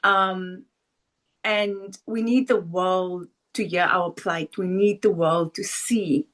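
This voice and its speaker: A woman's voice: lowish voice, fairly even intonation, slow, fairly bright tone. A South African woman co-hosting a podcast, speaking earnestly and with feeling. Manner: earnest, heartfelt, emotional. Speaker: podcast co-host. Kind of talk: casual chat.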